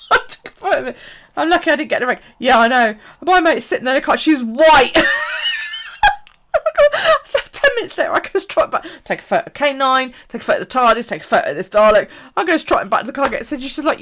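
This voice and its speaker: A woman's voice: high-pitched, expressive, quick pace, a bit bright, slight background noise. A woman telling a story on a casual live stream, swearing freely and laughing as she goes. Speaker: bullet journal live streamer.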